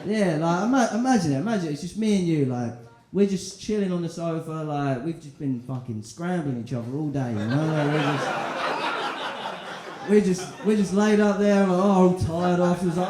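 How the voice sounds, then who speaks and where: In a central London comedy club, a man in his 20s performs stand-up in a slightly high, a little mellow voice at a moderate pace. Rambling, crude, and self-mocking, he banters with the crowd, and the roomy space echoes with laughter.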